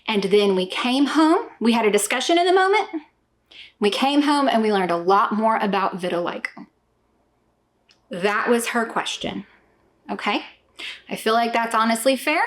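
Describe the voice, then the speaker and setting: A woman in her thirties talking straight to the viewer as a homeschooling parent, emphatic and often checking in with "okay?". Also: sits high. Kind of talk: direct-to-camera talk.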